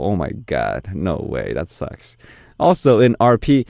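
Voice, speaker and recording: Male radio DJ, playful and teasing, fairly low voice, dry studio mic. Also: very animated, unhurried, creaky, darkish tone, no room sound. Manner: playful, teasing, reads letters aloud with asides. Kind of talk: radio show, reading listener messages.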